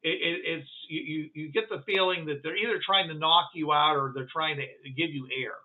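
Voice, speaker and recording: Male game master, halting delivery, slightly high voice, phone-quality audio. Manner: halting, full of restarts and fillers. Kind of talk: narrating a tabletop game. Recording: tinny phone-like line.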